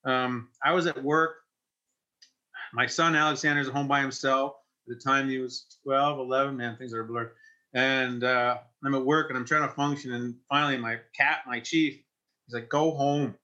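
A Canadian man in his forties, a firefighter, telling an emotional personal story in an interview in a halting way, with many restarts. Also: mid-range voice, fairly even intonation, pushed and bright, lo-fi sound. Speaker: firefighter and investor.

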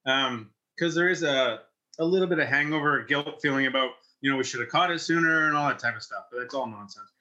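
A Canadian firefighter and investor in his forties tells an emotional personal story in an interview, halting and restarting often. His voice is mid-range, bright, and forceful, with the highs cut off.

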